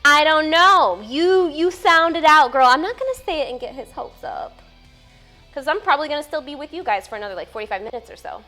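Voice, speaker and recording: A woman's voice: high-pitched, expressive, fairly quick, pushed and bright, soft background music. A young woman, a fitness trainer, chatting playfully with her live-stream viewers from home. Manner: bubbly, playful, reads chat aloud and answers it. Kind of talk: casual live-stream chat.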